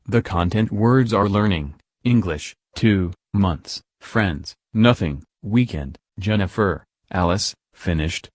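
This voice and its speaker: A man narrating a scripted English pronunciation lesson in a measured, instructive way. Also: deep voice, no echo, studio quality.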